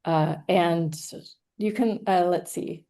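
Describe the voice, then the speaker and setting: Woman, gravelly, lower voice, chatty, self-amused, casual online talk. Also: takes it slowly, dark tone. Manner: chatty and self-amused, laughing between thoughts. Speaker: guest speaker, hypnotherapist and author. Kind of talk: casual online presentation and chat.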